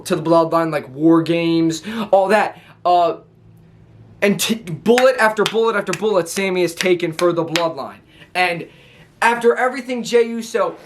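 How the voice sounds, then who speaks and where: A young man recapping a wrestling show in a casual, excited ramble, laughing often and restarting his sentences. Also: on the high side.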